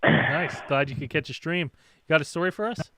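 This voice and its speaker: A man's voice: fairly high pitch, moderate pace, bright, forceful tone, no echo. A man hosting a call-in podcast, talking in an upbeat, chatty way. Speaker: host. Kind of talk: casual chat.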